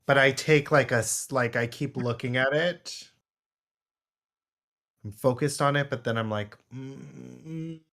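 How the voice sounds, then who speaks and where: A male tabletop player who talks slowly and haltingly, stopping and restarting as he describes his character's actions. His pitch sits in an ordinary middle range. Unhurried, casual delivery. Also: a bit bright. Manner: hesitant, halting, many fillers. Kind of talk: casual tabletop role-play.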